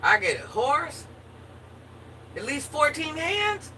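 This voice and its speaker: A woman with a high-pitched, very animated, sharp-toned voice talks slowly and casually with her viewers, joking playfully. The distant mic picks up faint background noise.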